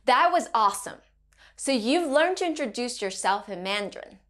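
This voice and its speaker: Woman teacher for a kids' language lesson, bright and bouncy, slow and clear. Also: a little high, animated. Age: adult parent. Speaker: Mandarin teacher.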